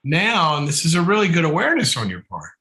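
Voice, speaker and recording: A man's voice: on the high side, wildly swooping pitch, fast talker, sharp tone, poor audio. A man hosting a live call-in advice show who gives counsel in a thoughtful, emphatic way and often repeats words while he builds a point.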